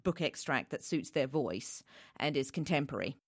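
A woman's voice: very deep voice, expressive, normal speed, breathy edge, dry recording, clean studio sound. A woman who produces voice reels, talking through her advice in a casual interview, chatty and full of restarts. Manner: chatty, with many restarts and fillers. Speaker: voice reel producer.

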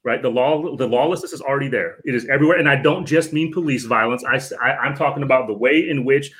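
Male podcast guest, mid-pitched, earnest and lecturing, repeats himself, keeps checking "right?". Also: quick pace, fairly bright tone. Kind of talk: casual podcast conversation.

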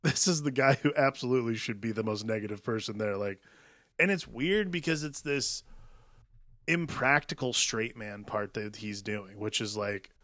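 A man's voice: mid-range voice, normal speed, fairly bright tone, no room sound, clean studio sound. A man co-hosting a casual film discussion, rambling and filling his sentences with "like.". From small-town America. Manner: rambling, filler-heavy with "like". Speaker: podcast co-host.

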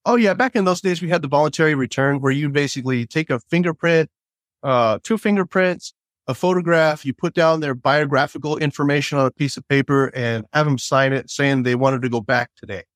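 A middle-aged man, a former border agent, telling stories in a relaxed way with many fillers and laughs. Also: on the high side, a little fast, no echo. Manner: laid-back, laughs often, many fillers. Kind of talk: casual storytelling.

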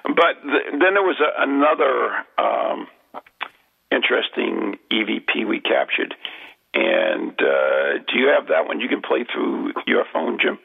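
Man with a gravelly phone-line voice. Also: medium pitch, big pitch swings. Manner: rambling, halting, many restarts. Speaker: paranormal investigator host. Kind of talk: casual radio chat. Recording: tinny phone-line radio audio.

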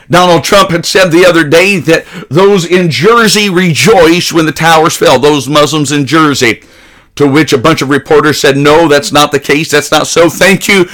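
A man's voice: on the high side, fairly bright tone. A man delivering an emphatic, preachy political opinion monologue that rises to urgent peaks. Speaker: political commentator.

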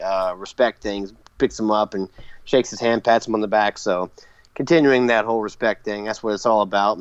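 A man's voice: fairly low pitch, dry recording. A man hosting a casual podcast, rambling through a wrestling recap with lots of fillers and laughs. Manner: rambling, filler-heavy, laughs at his own bits. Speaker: podcast host. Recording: dull dry lo-fi podcast mic.

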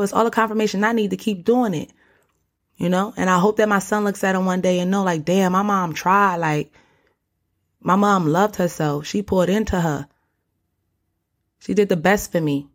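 A young woman hosting a solo podcast, talking casually and animatedly in slang, often calling the listener honey or baby. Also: medium pitch. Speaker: podcast host.

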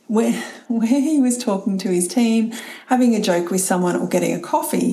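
A middle-aged woman hosts a reflective solo talk, her voice mellow and relaxed. She is candid and chatty, with easy laughs and casual swearing, heard in a roomy space. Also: medium pitch.

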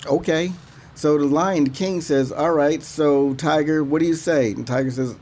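A man co-hosting a casual faith talk show, telling stories with animated character voices. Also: a little high, moderate pace, slight background noise. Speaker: co-host. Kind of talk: casual chat.

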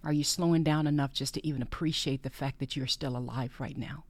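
In a steady, mid-range voice and at a fairly quick pace, a podcast host speaks earnestly about faith. Repetition drives home key phrases, and the voice often falls to a breathy whisper; no room sound is present.

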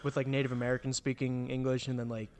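A man's voice: mid-range voice, level tone, quick pace, darkish tone. A man co-hosting a podcast in loose, joking conversation, full of fillers. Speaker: podcast co-host. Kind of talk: casual chat.

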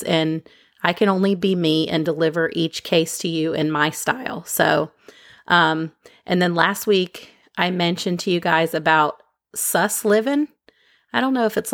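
A woman hosting a podcast, talking to her listeners in a calm, gentle, unhurried way into a microphone. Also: lowish voice, no echo, studio quality. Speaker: podcast host. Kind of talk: casual chat to listeners.

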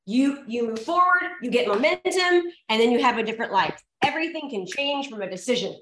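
A woman's voice: a little high, expressive, a little fast, fairly bright tone, slight background noise. A woman giving a motivational talk to a live audience, emphatic and repetitive as she coaxes the crowd. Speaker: motivational speaker. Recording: echoey room.

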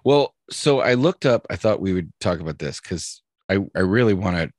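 A man co-hosting a podcast, telling stories in crude, animated casual chat. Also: sits low, normal speed, no echo, clean studio sound.

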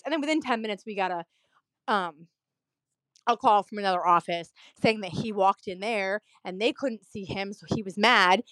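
A woman's voice: mid-range voice, fairly bright tone, dry recording. A woman from a dental office telling a story to camera in a chatty, rambling way, full of fillers and emphatic asides. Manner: indignant, emphatic retelling.

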